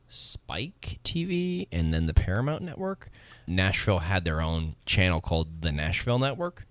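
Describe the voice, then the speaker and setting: Deep-voiced man in studio banter. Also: no room sound. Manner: animated, explains at length. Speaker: radio show co-host. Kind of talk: casual studio chat.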